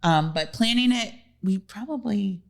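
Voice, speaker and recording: A young woman talking casually as a podcast guest about her wedding, chatty and animated when she retells a story. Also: mid-range voice, measured pace, creaky. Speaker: interview guest, bride.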